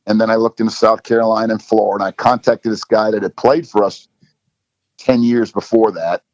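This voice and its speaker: A man's voice: fairly low pitch, fairly even intonation, fairly quick, no room sound. A middle-aged man, a football coach, telling stories in a casual interview with lots of "you know" fillers. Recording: dull lo-fi dry recording.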